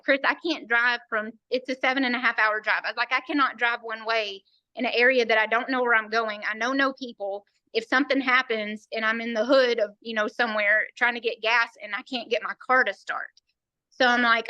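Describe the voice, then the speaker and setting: A woman tells a long personal story with earnest feeling, slipping into the voices of the people she quotes. Her voice is bright and fairly high. The sound is dry and close. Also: no echo, muffled recording. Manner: earnest storytelling, quoting others. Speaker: team member sharing a story. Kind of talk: personal testimony on a team call.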